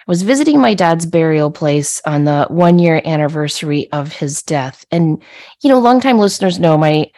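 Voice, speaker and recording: Speaking at normal speed in a low voice, a middle-aged podcast host shares a personal story in a chatty way. She's animated, laughing while she reenacts her own yelling.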